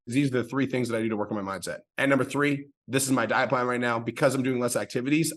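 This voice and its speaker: A man coaching a group on a call, profane, emphatic and pumped up. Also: mid-range voice. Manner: fast, profane, hyped, emphatic.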